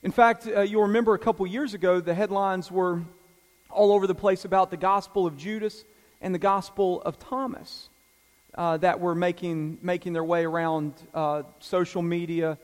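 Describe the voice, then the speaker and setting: A man's voice: high voice, steady tone, moderate pace. A male pastor preaching a sermon in a loose, conversational way, with fillers and restarts. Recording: long hall reverb.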